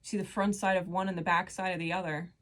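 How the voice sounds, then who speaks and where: A woman's voice: on the low side, level tone, quick pace, a bit bright. A woman giving an earnest, emphatic tarot reading who repeats key phrases as she pulls cards. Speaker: tarot reader.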